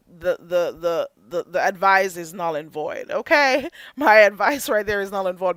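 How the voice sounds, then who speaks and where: A woman hosting a livestream, chatting casually to her viewers with animated outbursts and playful asides. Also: clean tone, no room sound. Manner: animated, chatty, drifts between low asides and loud outbursts; slips into Jamaican patois for comic effect. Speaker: livestream host. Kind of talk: casual commentary to live chat.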